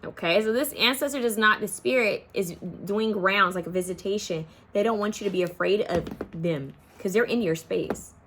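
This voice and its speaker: A woman's voice: medium pitch, moderate pace, few pauses, fairly bright tone, a little hiss or hum. A young woman giving an intuitive pick-a-card tarot reading, talking casually to her viewers and half-singing song lyrics as she goes. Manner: chatty, addresses viewers as y'all, half-sings song lyrics.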